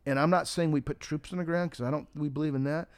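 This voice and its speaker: A man's voice: fairly high pitch, steady tone, fast talker, clean tone, no echo. A man on a talk show, telling a joke and talking politics in a folksy, emphatic way. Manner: folksy storyteller, emphatic, forceful when riled.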